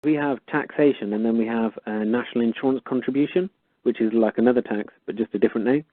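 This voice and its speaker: Guy on a call-in show, tinny phone line, dry sound, gets animated retelling convos. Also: fast talker, no echo. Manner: animated, with sudden jumps up in pitch. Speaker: guest on a call-in talk show. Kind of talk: casual storytelling, acting out conversations.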